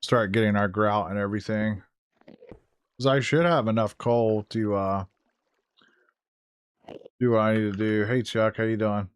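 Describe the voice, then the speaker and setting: A man's voice: on the low side, steady tone, a little slow, long pauses, smooth. A man casually talking through a live game stream, chatty and laughing often, easily startled. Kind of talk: casual gameplay commentary.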